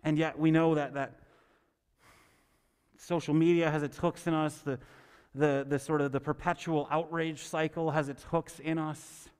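Male pastor, sermon, high voice, chatty delivery, long hall reverb. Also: level tone, a little slow, darkish tone, smooth. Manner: conversational, asks listeners "right?". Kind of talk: sermon with Bible reading.

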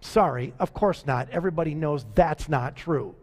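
A man preaching a sermon as pastor, in a conversational way that slows down to stress key lines. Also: a little high, a little mellow. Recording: long hall reverb.

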